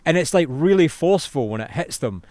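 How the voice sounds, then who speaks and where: A young Scottish man co-hosting a podcast, telling animated stories in casual chat, laughing often and swearing. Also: fairly high pitch, fairly quick, no room sound. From Scotland. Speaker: podcast co-host.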